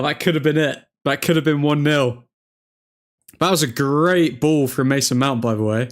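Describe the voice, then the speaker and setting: A man hosting a live football watchalong, reacting to each chance with loud excitement and grumbling at the referee. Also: fairly high pitch, moderate pace. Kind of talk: live match commentary.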